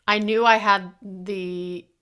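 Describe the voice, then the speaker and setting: A woman co-hosting a podcast in casual chat, lively and quick to laugh, telling personal stories. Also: mid-range voice, clean tone. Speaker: podcast co-host.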